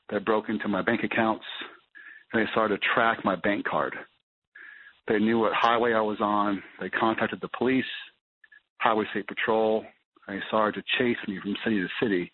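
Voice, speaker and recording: A man telling his personal recovery story as a guest, in a halting way that repeats words as he restarts. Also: fairly low pitch. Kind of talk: personal testimony. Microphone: phone call. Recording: tinny phone line.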